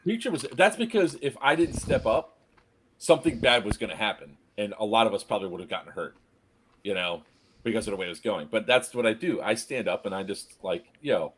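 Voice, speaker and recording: A man's voice: on the low side, animated, a little fast, a bit bright, slight background noise. A man telling a story in casual chat, acting out the quotes and laughing often. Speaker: podcast host telling a story.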